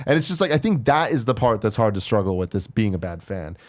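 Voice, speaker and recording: A man's voice: on the low side, big pitch swings, fast talker. A man co-hosting a podcast in casual chat, telling stories and acting out what people said. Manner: storytelling, acts out quoted voices. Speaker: podcast co-host.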